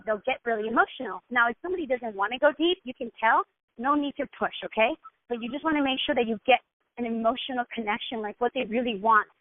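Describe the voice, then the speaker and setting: A woman mentor gives her team coaching instruction on how to run a session, speaking directly and asking "okay?" after every point. Her slightly high voice comes over a narrow, phone-like line without room echo.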